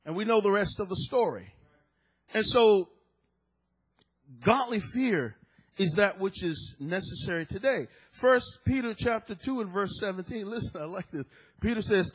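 A man preaching a sermon in a husky, slightly worn voice that sits high for a man. He moves between loud, emphatic declarations and quiet, hushed asides, stretching and rushing his words. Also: lively intonation, rough recording.

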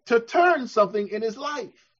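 A male preacher with a high-pitched voice delivers a sermon, rising to fervent shouts and sinking to soft, slow passages. The sound is dull and lo-fi. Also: expressive. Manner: preaching with call-and-response, swelling to shouts then dropping soft. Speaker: pastor.

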